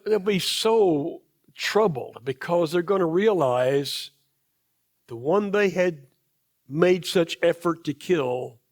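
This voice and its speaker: A man preaching from the pulpit in a church sanctuary. His voice sits fairly high for a man, and he takes his time, leaning on each phrase and repeating the important ones. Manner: slow, emphatic, repeats key phrases. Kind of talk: sermon.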